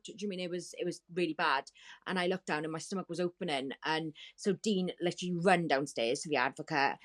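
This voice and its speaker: A woman guest on a talk show, telling a painful story in a halting, distressed way with many restarts. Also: fairly low pitch. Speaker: podcast guest. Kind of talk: emotional storytelling.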